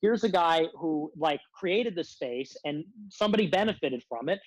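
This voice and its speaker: A man's voice: on the high side, animated, normal speed, no room sound, rough recording. A man ranting as a guest on a livestream, confrontational and self-described as a hothead, repeatedly demanding answers. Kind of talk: heated casual rant.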